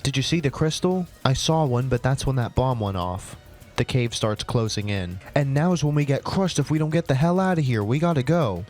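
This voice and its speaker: A man reads his own old story aloud for laughs, moving between flat, mid-pitched narration and the lines of each character. Every few sentences he stops to mock the writing with sarcastic, cringing outbursts. Faint music plays quietly under his voice. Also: normal speed. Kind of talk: comedic dramatic reading with commentary.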